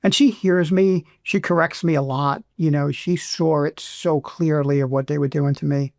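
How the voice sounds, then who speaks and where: A middle-aged man, a veteran guest in an interview, speaking with emotion and pausing often to restart. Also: fairly high pitch, fairly even intonation, a little mellow, no room sound, clean studio sound. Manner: emotional, halting, many restarts.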